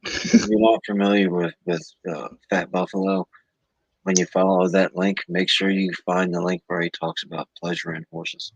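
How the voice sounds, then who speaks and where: A man with a very deep, gravelly voice co-hosting a casual podcast. His tone is husky and his humor dry and sarcastic. The sound is close and dry. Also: level tone, normal speed, no echo, highs cut off. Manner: dry, sarcastic, matter-of-fact. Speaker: podcast co-host.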